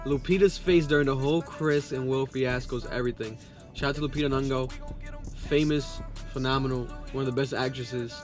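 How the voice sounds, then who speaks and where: A man hosting a podcast, reading social media posts aloud and reacting in a loud, profane, excitable way. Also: mid-range voice, a little fast, faint music behind. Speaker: podcast host reacting to memes. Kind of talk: casual reaction commentary.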